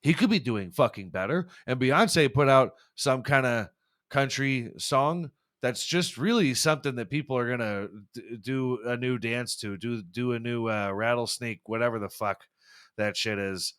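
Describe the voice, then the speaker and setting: A man's voice: mid-range voice, normal speed, fairly bright tone, no room sound, clean studio sound. A young man hosting a casual podcast, ranting in a rambling, profane way with lots of stumbling restarts. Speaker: podcast host.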